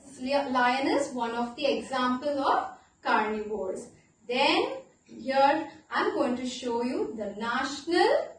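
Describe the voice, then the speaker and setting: A woman teaching a class of young children, with an Indian English accent, animated and playful, asking questions and spelling words out slowly. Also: sits high, very echoey, distant mic, slight background noise, poor audio. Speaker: primary school teacher.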